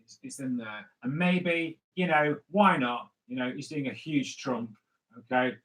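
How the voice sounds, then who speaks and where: A man's voice: medium pitch, animated, measured pace, a bit bright, poor audio. A man who makes comics hosts a live drawing stream, chatting playfully and cracking jokes as he sketches viewers' requests. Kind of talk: live draw-along chat.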